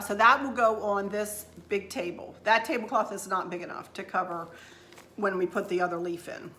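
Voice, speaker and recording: A woman's voice: mid-range voice, bright, forceful tone, slight background noise. A middle-aged woman, talking casually and rambling to her viewers at home. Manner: chatty, rambling, addresses viewers as y'all. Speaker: vlogger. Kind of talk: casual chat.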